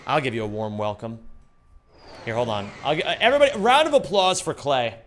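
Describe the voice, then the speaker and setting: A man's voice: medium pitch, lively intonation, brisk, fairly bright tone, a little hiss or hum. A young man live-streaming a game, joking around casually and greeting viewers by name. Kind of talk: casual live-stream chat while gaming.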